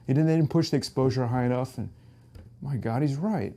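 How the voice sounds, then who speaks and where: Very dark-toned man recounting amazed. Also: mid-range voice, fairly quick. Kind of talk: documentary interview storytelling.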